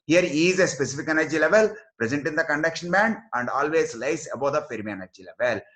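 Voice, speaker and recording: A man's voice: a little high, animated, fast, a bit bright. A man giving a recorded physics lecture, explaining step by step and reading out formulas.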